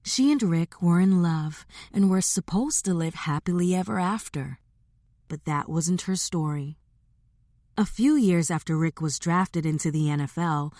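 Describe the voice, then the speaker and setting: In clean studio audio free of any room sound, a woman narrates a scripted romance audiobook. Her voice sits lowish and stays steady and measured throughout.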